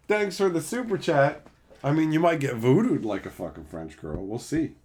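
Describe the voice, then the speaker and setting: A man's voice: lowish voice, big pitch swings, moderate pace, darkish tone. A man casually reading live chat on a stream and teasing his chatters in a playful, mock-insulting way.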